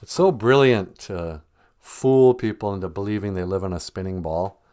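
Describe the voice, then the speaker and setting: A man's voice: deep voice, normal speed, darkish tone. A middle-aged man co-hosting a casual morning chat, joking and teasing in a wry way. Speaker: co-host.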